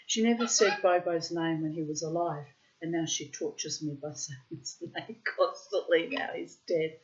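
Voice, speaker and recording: A woman telling a story in a casual monologue, animated and theatrical, often laughing. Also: low-pitched, moderate pace. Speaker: vlogger. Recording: dull lo-fi sound.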